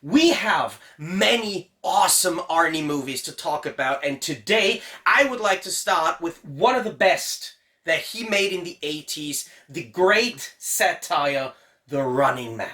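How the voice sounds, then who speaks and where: A man's voice: high voice, animated, unhurried, bright, forceful tone. A man from Austria with an Austrian German accent, a German native speaker, eagerly hosting and arguing over films in casual chat. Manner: enthusiastic, argumentative. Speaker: co-host reviewing films.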